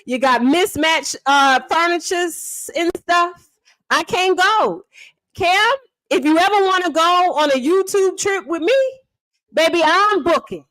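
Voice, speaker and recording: A woman's voice: very high voice, unhurried, a bit bright, no echo. A woman hosting a live stream, retelling events with theatrical flair and calling her viewers honey and baby. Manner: dramatic, theatrical, calls listeners honey and baby. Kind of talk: animated storytelling commentary.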